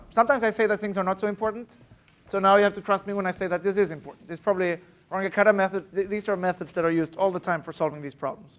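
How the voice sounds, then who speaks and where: In a lecture hall, a university math lecturer gives a live classroom lecture with a medium-pitched voice. He talks casually, full of fillers and restarts, and stresses the key points.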